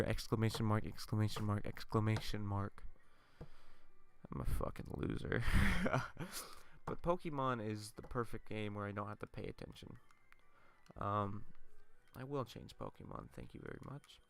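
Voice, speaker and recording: A tired man giving casual gameplay commentary, telling a rambling, profane story full of tangents. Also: lowish voice. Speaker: let's play gamer.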